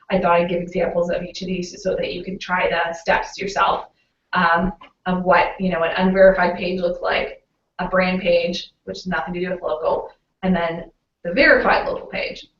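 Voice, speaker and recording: A Canadian woman talks through a webinar in a relaxed, explaining way, leaning on "um" and "you know". She sounds a little off the mic, in a roomy space. The audio is muffled and lo-fi. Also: fairly low pitch, a little fast, recorded from a distance. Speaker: local SEO consultant presenting a webinar. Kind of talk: webinar presentation.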